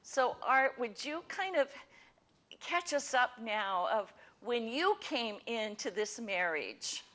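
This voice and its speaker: A woman's voice: fairly high pitch, takes it slowly. Upbeat woman hosting a faith talk show. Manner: lively, explains with acted-out examples. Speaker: host. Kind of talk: ministry talk show interview.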